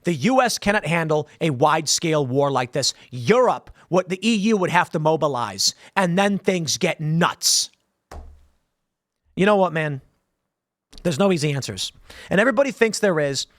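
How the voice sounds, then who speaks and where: A man's voice: fairly high pitch, expressive, moderate pace, dry recording. Emphatic man with a dry, close sound. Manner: emphatic, rambling, acts out voices in scenarios. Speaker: political commentator host. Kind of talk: opinionated political commentary.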